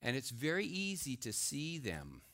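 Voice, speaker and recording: A middle-aged man, a pastor, preaching a sermon in a lively way and acting out the voices he quotes. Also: mid-range voice, a little slow. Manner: animated, acts out quoted voices.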